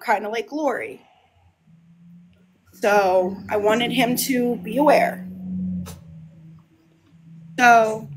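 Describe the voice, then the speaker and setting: A woman talking on a casual livestream from home, rambling and restarting her phrases. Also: a little high. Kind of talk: casual live monologue.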